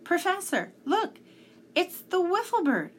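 An eager young boy explorer in a storybook, his voice pitched high and bursting with urgent exclamations, as a woman reading aloud puts him on. He speaks slowly and with a gravelly edge, and faint noise sits behind him. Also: very animated. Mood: excited.

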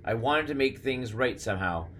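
A man's voice: medium pitch, expressive, moderate pace, fairly bright tone, slight background noise, close to an everyday voice. A man voicing an anxious, loving mother who speaks in an urgent, emotional way. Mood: tearful.

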